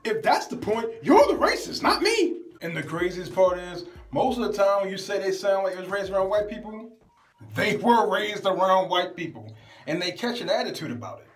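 A man's voice: sits high, very animated, brisk, hardly any pauses, roomy sound. A young man delivers an exasperated, profane comedic rant to camera, full of rhetorical questions. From Baltimore, USA.

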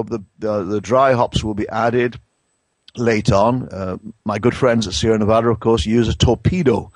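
A middle-aged man from England, with a low voice, is an interview guest explaining brewing science in a conversational way. He sounds hesitant, often stopping and restarting his sentences and using many fillers. The recording is dry and close, with no room sound or echo.

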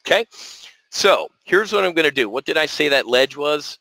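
A man hosting a live options trading webinar, talking in an energetic, folksy way and repeating words for emphasis. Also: fairly high pitch, normal speed, no echo, poor audio. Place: resort room.

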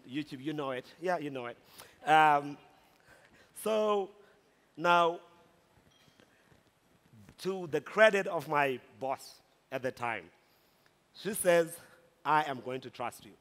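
A man from South Africa tells a funny story from a conference stage, getting louder and shouting at the punch lines. His voice sits slightly high for a man. A long hall reverb trails after each phrase. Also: slow pace, pauses often. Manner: animated, humorous storytelling, rising into shouts. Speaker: speaker at a conference. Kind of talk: storytelling keynote talk.

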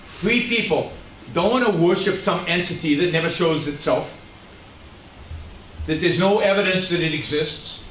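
A man's voice: a little high, normal speed, a bit bright. A man giving a public lecture to an audience, talking emphatically, repeating key points and putting questions to the room. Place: event hall in Shanghai. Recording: roomy hall, distant mic, faint noise.

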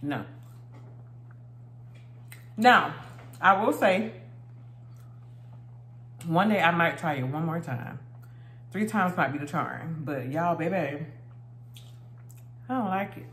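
A woman's voice: low-pitched, lively intonation, slow, long pauses, a bit bright, reverberant, slight background noise. A married woman chatting casually while eating for a mukbang video, laughing often and recording on her phone indoors. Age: adult, married. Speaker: vlogger.

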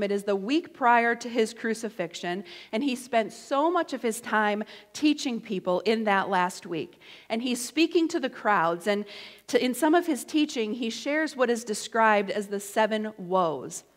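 Woman giving a sermon, kinda high voice, chatty and playful, echoey church hall. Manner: lively, conversational preaching with playful asides. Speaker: preacher. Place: church sanctuary.

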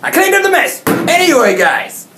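A woman YouTuber telling a comic story in an animated, exaggerated, mock-outraged way. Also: very high voice, moderate pace, background noise. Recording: roomy echo.

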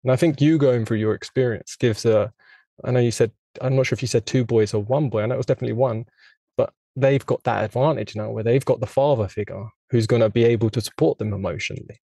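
A man's voice: medium pitch, quick pace, dark tone, no echo. A middle-aged man hosting an interview, speaking in an earnest, reflective, rambling way over a video call. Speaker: podcast host. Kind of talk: casual interview conversation.

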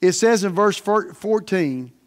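A pastor preaches in a folksy, plain-spoken manner, swinging between loud emphasis and quiet asides. His voice sits high and is expressive and clean-toned, delivered a little slowly.

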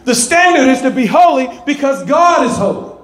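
A pastor preaching a sermon in a church, animated, repeating words and building to emphatic, rising peaks. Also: male voice, very high-pitched, normal speed. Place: church sanctuary. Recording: echoey church sanctuary.

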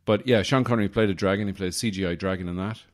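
A man with a very low, deep voice hosts a comedy podcast. He rambles from one aside to the next in a wry, self-deprecating way, often catching and correcting himself. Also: fairly even intonation, very fast. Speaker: podcast host.

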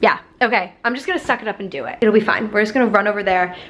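A woman's voice: mid-range voice, very fast, fairly bright tone, a little hiss or hum. A young woman in her twenties chatting casually to camera in a daily vlog, upbeat and talkative. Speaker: vlogger.

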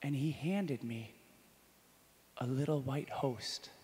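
A male priest giving a conference talk, telling a story and moving between hushed and excited, joking with the audience. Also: mid-range voice, slow. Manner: animated, jokes with the audience, swings from hushed to excited. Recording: long hall reverb.

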